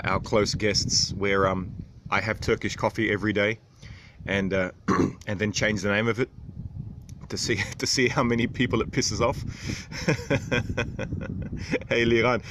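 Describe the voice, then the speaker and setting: A man in his thirties hosting a casual livestream, reading out viewer comments with frequent chuckles and throat clearing. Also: lowish voice, noisy background. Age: 30s. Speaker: livestream host.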